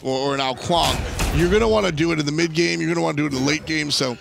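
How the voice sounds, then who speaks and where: A man's voice: fairly high pitch, rapid-fire, vocal fry, background noise. A man casting live esports, breaking down picks and items in an analytical, chatty way with frequent restarts. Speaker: esports caster.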